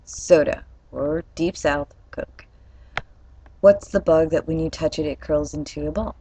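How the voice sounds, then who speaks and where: A woman's voice: deep voice, unhurried, dark tone, slight background noise, poor audio. A young woman from Atlanta, Georgia, with a light Atlanta accent, chatting candidly and casually on a webcam vlog. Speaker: vlogger.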